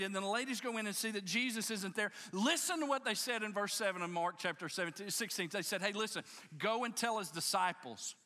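Bright-voiced, impassioned male preacher. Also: high-pitched. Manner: impassioned, emphatic storytelling with frequent restarts. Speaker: pastor. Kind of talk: sermon. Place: church service before a congregation.

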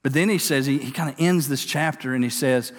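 A man preaching a sermon in an energetic, conversational way, with quick asides and stammered restarts. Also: mid-range voice. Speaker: pastor. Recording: long hall reverb.

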